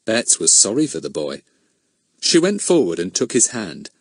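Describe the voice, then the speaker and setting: A man narrates a children's storybook in an expressive, storytelling manner. His pitch moves through a very wide range, and the sound is dry and close with no room. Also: moderate pace, no room sound. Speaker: audiobook narrator. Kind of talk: scripted narration.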